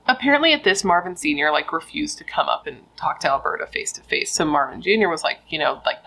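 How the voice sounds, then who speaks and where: A woman's voice: on the low side, lively intonation, brisk, few pauses, fairly bright tone, rough recording. A young woman casually retelling a true crime story, chatty and full of filler words.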